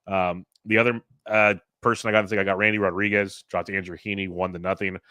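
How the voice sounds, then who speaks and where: Deep-ish guy hosting a podcast, laid back and rambly, dry close sound. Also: fast, no room sound. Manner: relaxed, rambling stat rundown. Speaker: podcast host. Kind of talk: casual fantasy baseball chat.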